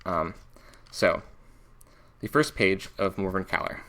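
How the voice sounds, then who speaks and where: A man with an American accent from Alaska talks through a book and its film adaptation in a casual, thinking-aloud way. His voice sits fairly low but has a bright, forceful edge, and he often restarts his phrases. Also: slow pace, long pauses. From Alaska, United States. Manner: thoughtful, restarts and fillers, reads passages aloud. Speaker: book reviewer. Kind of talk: casual spoken book review.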